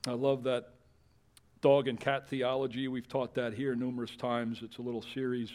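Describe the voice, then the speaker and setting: A man preaching a sermon, swinging between quiet whispers and loud, emphatic passages. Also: mid-range voice, level tone, normal speed. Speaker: pastor.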